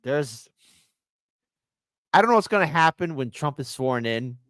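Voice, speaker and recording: A man hosts a live reaction stream, needling everything he plays with sarcasm and mockery. His pitch swings widely from phrase to phrase. The sound is close and dry. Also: expressive, unhurried, fairly bright tone, dry recording. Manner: mocking, sarcastic. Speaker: livestream host.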